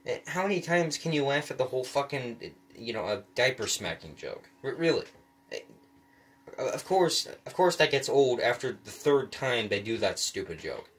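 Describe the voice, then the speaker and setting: A man's voice: mid-range voice, moderate pace. A man delivering a rambling, profane rant to the mic, stammering and restarting often. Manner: rants, then calms into musing. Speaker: solo commentator.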